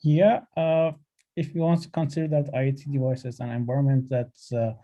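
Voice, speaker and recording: A man on a webinar panel answering a question haltingly, with many fillers and restarts. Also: mid-range voice, little pitch movement, warm tone.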